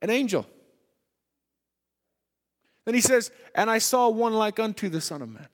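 A high-voiced male preacher gives a sermon in a church hall, using lively intonation at a measured pace. He shifts between loud, emphatic declarations and soft, hushed asides, and a long hall reverb trails his words.

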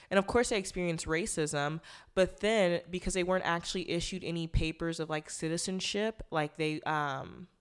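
A woman's voice: sits low, smooth. A young woman hosting a podcast, talking in a casual, rambling way, often correcting herself and speaking bluntly and irreverently. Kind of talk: casual commentary monologue.

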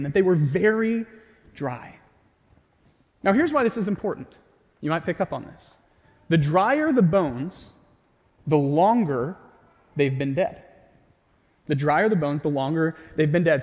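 A man's voice: high-pitched, a little mellow. A man preaching a sermon in a casual, conversational way with light humor. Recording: long hall reverb.

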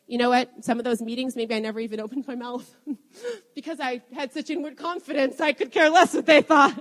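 Young woman preacher, lively and self-laughing, higher voice, reverberant hall sound. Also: a little fast. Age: young adult. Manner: animated, laughs often at herself. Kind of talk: sermon.

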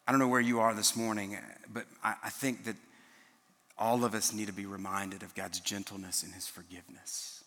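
A man's voice: on the low side, flat delivery, moderate pace, a bit bright, big-room sound. A middle-aged man preaching a sermon as a pastor, earnest and often restarting his words.

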